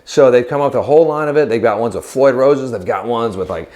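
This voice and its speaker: Um homem apresentando um vídeo de demonstração de guitarras numa loja, falando em tom de brincadeira e cheio de piadas rápidas. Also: male voice, mid-range voice, darkish tone. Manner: goofy, jokey, quick asides. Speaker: guitar shop video host. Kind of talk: joking banter in a gear demo.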